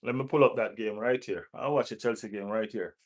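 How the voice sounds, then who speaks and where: A man's voice: fairly low pitch, a little fast. West Indian man teasing his live chat. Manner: banters, gives shout-outs to chat; teasing rival fans, laughing often. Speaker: football channel host. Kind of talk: live watch-along chat with viewers.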